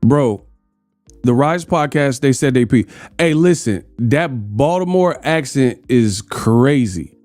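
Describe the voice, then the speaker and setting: A man's voice: medium pitch, expressive, slow pace, darkish tone, dry recording, soft background music. A man hosting a casual boxing reaction show, joking and laughing in slangy banter. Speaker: boxing commentary host.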